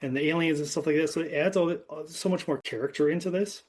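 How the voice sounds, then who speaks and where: This man talks fast with a steady, slightly high voice that has a darkish tone. He's hosting a podcast and chatting casually about a movie, recapping it in a rambling style full of fillers.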